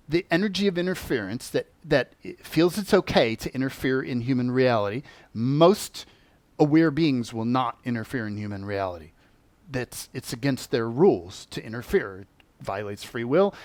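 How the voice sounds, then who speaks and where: Animated man telling a spiritual story. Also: medium pitch, normal speed, no room sound. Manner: animated, acts out quoted voices. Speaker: spiritual teacher. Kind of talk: personal storytelling talk.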